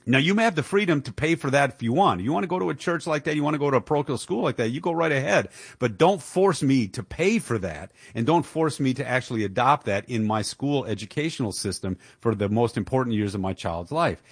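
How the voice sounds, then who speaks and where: Male talk radio host, mid-pitched, indignant and emphatic, dry studio sound. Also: animated, fairly quick, few pauses, husky, no room sound. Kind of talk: opinionated political commentary.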